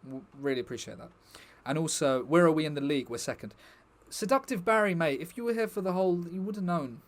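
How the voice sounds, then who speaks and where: A young man with a fairly high-pitched voice talks casually to his viewers at the end of a stream. He rambles from topic to topic with jokey asides to the chat. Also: fast.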